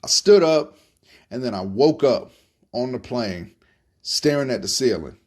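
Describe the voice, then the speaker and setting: A young man from Florida telling a story in a relaxed, casual monologue, cursing freely and often repeating his words. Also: mid-range voice, unhurried. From Tampa, Florida. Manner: laid-back, profane, repeats himself. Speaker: podcast host telling stories.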